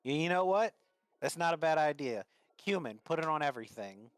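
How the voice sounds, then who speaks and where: A man's voice: a little high, lively intonation, fairly quick, no room sound. A man from Louisiana with a light Cajun accent, a guest chatting bluntly on a livestream and swearing casually. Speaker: stream guest. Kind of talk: casual stream chat.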